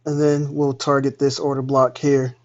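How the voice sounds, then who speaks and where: A man's voice: medium pitch, completely flat delivery, moderate pace. A man casually explaining trading chart levels as he points them out on screen. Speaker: trading educator. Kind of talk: live screen-share trading walkthrough. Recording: dull lo-fi mic.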